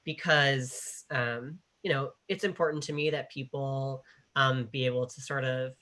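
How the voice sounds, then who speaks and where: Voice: mid-range voice, steady tone, a little slow, sharp tone. An author speaking as a guest in a panel talk, rambling and full of filler words, often laughing.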